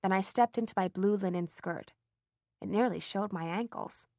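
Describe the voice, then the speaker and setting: A woman reading a first-person story aloud as an audiobook narrator, with lively, expressive emphasis. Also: medium pitch, moderate pace, dry recording, studio quality.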